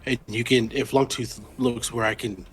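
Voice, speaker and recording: A man's voice: medium pitch, fairly even intonation, moderate pace, a bit bright, a little hiss or hum. A man casually narrating his character's actions in a tabletop game, sounding tired and swearing. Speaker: player.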